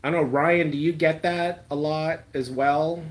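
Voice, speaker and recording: A man's voice: fairly high pitch, steady tone, moderate pace. A man chatting casually on a live stream and answering viewer comments, rambling with ums and letting his sentences trail off into a mumble. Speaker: slot-machine YouTuber hosting a live chat.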